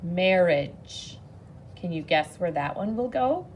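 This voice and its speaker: A woman teaching a phonics lesson to children on video, patient and encouraging, speaking slowly and clearly. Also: lowish voice, expressive, darkish tone, a little hiss or hum.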